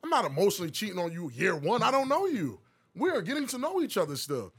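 A man with a husky, high-pitched voice that leaps all over as he banters on a comedic podcast. He swings from loud outbursts down to low mutters, and his voice is very animated throughout. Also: quick pace. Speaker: podcast co-host. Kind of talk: casual comedic chat.

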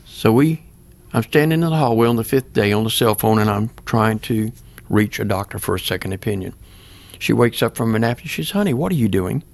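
An older man with a gravelly, fry-edged voice, somewhat low in pitch. He speaks plainly and earnestly as a pastor in an interview, acting out remembered conversations. The sound is dry and close. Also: brisk, dry recording. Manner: plain-spoken, earnest, acts out remembered dialogue. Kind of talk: personal storytelling in an interview.

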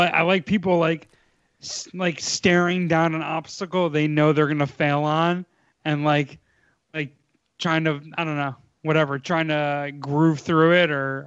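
A man's voice: fairly high pitch, flat delivery, normal speed, a bit bright, clean tone, dry recording. A man in casual podcast chat, laid-back and teasing, on a dull, lo-fi mic.

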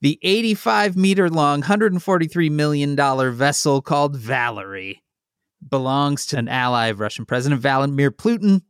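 A man's voice: a little high, normal speed, smooth, no room sound, clean studio sound. A man co-hosting a casual podcast, reading out news with wry asides. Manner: chatty, wry, reads out figures between jokes. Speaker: co-host.

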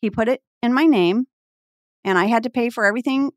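Chatty woman telling a lively story. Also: a little high, brisk, no room sound, studio quality. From Texas, US. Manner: animated, acts out quoted voices. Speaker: podcast guest. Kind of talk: casual storytelling.

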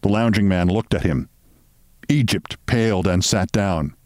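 A man's voice: deep voice, unhurried, a little mellow, no echo. Man reading a story aloud, dry sound. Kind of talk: storytelling narration.

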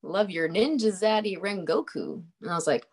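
An animated young woman tells a story in casual chat, her pitch swinging widely. She laughs often, fills her talk with "like" and swears freely. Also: normal speed, slightly rough. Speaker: guest telling a story.

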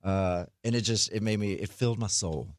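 Male podcast host, from Mississippi, low voice, quick talker, dry close mic, lively storyteller. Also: no echo. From Mississippi, USA. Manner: animated storyteller, acts out quotes. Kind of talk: casual interview chat.

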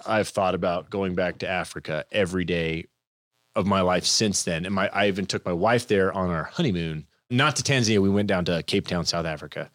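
Low-voiced man, podcast guest, rambling storyteller, dry close mic. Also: a bit bright, dry recording. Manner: rambling, self-interrupting storyteller. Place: room with other people and mics. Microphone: studio mic.

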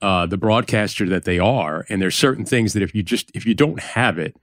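A man's voice: on the low side, a little fast, no echo, clean studio sound. A man from Yonkers, New York, hosting a podcast conversation, telling stories and reminiscing. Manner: reminiscing, storytelling. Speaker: podcast host.

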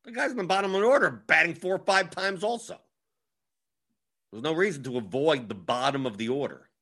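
Bright-voiced man reviewing lineups. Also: on the high side, expressive, slightly rough. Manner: rapid, scattered, thinks aloud while scrolling lineups. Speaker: fantasy sports analyst. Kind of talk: casual strategy breakdown.

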